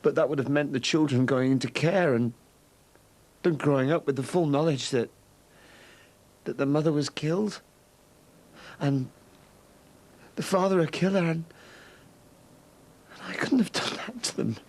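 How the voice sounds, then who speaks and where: An actor playing a guilt-ridden middle-aged father, speaking haltingly and remorsefully. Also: on the high side, a little mellow, natural voice. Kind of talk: TV soap drama.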